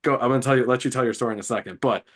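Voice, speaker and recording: A man hosting a casual chat, relaxed and rambling, with lots of filler words. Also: mid-range voice, very fast. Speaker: podcast host.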